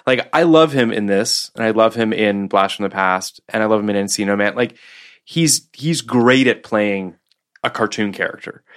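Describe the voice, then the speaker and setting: A man's voice: lowish voice, moderate pace, fairly bright tone. A man co-hosting a casual film podcast, thinking aloud and hedging as he restarts his sentences. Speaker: podcast co-host. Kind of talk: casual chat.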